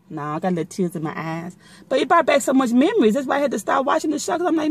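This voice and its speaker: A woman's voice: on the high side, sing-song, fast talker. Blunt, profane storytelling woman. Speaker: vlogger. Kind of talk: casual storytelling to viewers.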